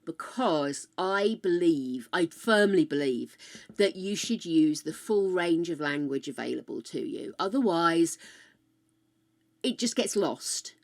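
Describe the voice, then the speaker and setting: A woman's voice: fairly low pitch, expressive, takes it slowly. An older woman from the UK, chatting casually and frankly on a live game stream, swearing freely and tossing asides to her viewers. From United Kingdom. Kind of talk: casual live-stream chat while gaming.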